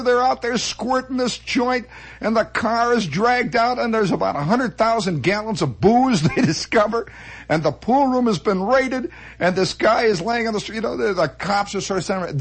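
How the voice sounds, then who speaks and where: A man telling a comic story from his childhood as a monologue, animated, acting out sound effects and voices with many restarts. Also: very high-pitched, husky.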